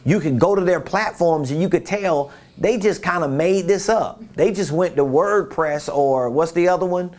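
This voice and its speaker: Man coaching in a slightly high voice. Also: normal speed, few pauses, a little mellow. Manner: conversational, repeats points, rhetorical questions. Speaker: business coach. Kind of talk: casual coaching talk.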